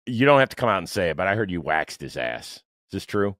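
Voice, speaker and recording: Man, sports podcast host, lowish voice, dry close sound, chatty questions. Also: big pitch swings, quick pace, a bit bright, no room sound. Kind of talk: sports talk interview.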